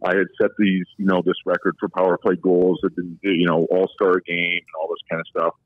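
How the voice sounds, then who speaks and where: A man's voice: sits low, flat delivery, a little fast, no echo. A man in his forties, a podcast guest, telling long candid stories from his playing career in a casual, rambling way. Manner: long-winded, candid storyteller. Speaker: podcast guest, former pro hockey player. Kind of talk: casual anecdotal storytelling. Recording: thin phone-line sound, dry.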